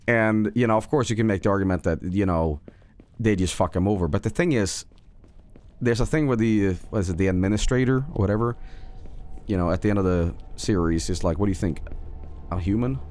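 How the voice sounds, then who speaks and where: A man with a fairly low voice chats casually to his viewers while he plays a game. His pitch swings widely as he rambles, swears freely and keeps breaking into laughter. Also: lively intonation, normal speed, long pauses, darkish tone. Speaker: streamer. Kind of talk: casual livestream chat while gaming.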